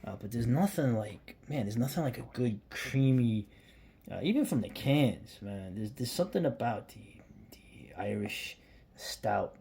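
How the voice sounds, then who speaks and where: A man from the United States chatting casually to camera about beer, rambling and restarting sentences, sometimes dropping to a hushed near-whisper. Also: medium pitch, animated, unhurried, gravelly, slight background noise. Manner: rambling, self-interrupting, drops to a hushed near-whisper when admiring the beer. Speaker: beer vlogger.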